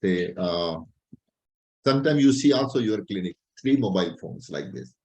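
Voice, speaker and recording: A male doctor giving a clinical lecture, animated and teasing as he acts out his examples. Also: low-pitched, moderate pace. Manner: lively, animated, playful teasing. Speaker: doctor teaching a class. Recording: roomy echo.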